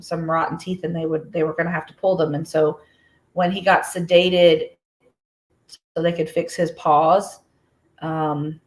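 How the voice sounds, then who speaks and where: Chatty American woman hosting a livestream. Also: fairly low pitch. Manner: chatty storyteller, many fillers, greets viewers by name. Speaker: crochet livestream host. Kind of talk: casual livestream chat.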